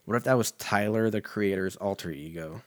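Guy doing his podcast kinda buzzed on whiskey, lowish voice, cussing and rambling through a comment he's reading. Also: fairly quick, no echo, studio quality. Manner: profane, rambling, self-mocking. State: tipsy from whiskey. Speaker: podcast host. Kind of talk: casual podcast chat reading a comment aloud.

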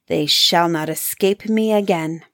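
A woman voicing a cruel, sly old witch in a fairy-tale reading, switching between sweet luring and shrill, mocking commands. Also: a little slow, a bit bright. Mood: cruel commanding.

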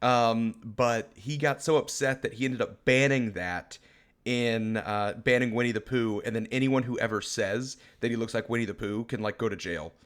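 A man's voice: medium pitch, moderate pace, fairly bright tone. A young adult man co-hosting a podcast, telling rambling stories in casual chat and laughing often. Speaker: podcast co-host.

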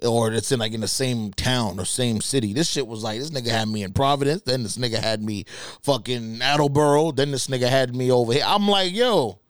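A man hosting a podcast alone, telling stories in casual, profane, animated talk with laughs. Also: mid-range voice, fairly quick, clear, resonant tone, dry recording, studio quality. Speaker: podcast host. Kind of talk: casual solo storytelling.

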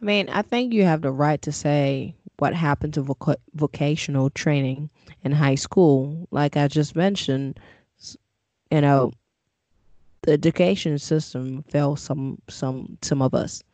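A man co-hosting a casual podcast, talking in an animated way and joking about his own slips. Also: a little high, a little slow, no echo. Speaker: co-host.

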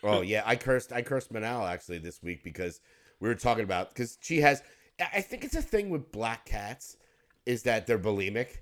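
Animated, lively-voiced male podcast co-host. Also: lowish voice, normal speed. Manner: rambling, laughing storyteller, curses freely. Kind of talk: casual chat.

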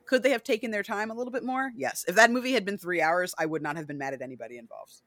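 A woman hosting a podcast in casual chat, animated, with many fillers, acting out scenes as she talks. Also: medium pitch, fast talker, no room sound. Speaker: podcast host.

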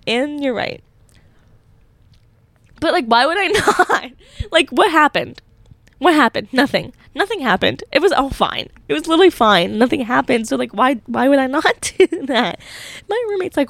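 A woman's voice: high-pitched, sing-song, moderate pace, no room sound. A young woman hosting a solo podcast from her college dorm room, telling a rambling, giggly story full of fillers. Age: young adult. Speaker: podcast host.

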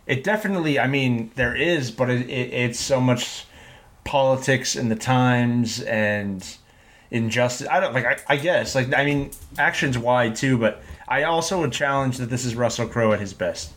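A man hosting a podcast, talking casually with halting restarts and self-deprecating humor. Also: medium pitch, fairly bright tone. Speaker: host.

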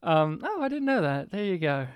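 A man co-hosting a podcast in casual chat, animated and full of questions. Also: high voice, moderate pace, clean tone, no echo, studio quality. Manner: animated, asks lots of questions. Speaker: podcast co-host.

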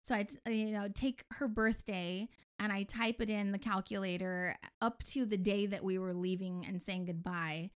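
Woman co-host, warm-hearted storyteller, medium voice, conversational. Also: medium pitch, steady tone, normal speed, few pauses, smooth. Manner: heartfelt storytelling, chatty and emotional. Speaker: podcast co-host and parent. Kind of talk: casual chat.

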